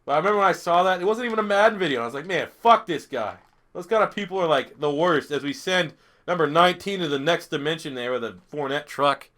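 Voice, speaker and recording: A man's voice: fairly high pitch, fast, fairly bright tone. A young man streaming a football video game, reading chat questions aloud and answering in a crude, profane, blunt way. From Canada. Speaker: gaming streamer. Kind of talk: live gameplay commentary reading chat.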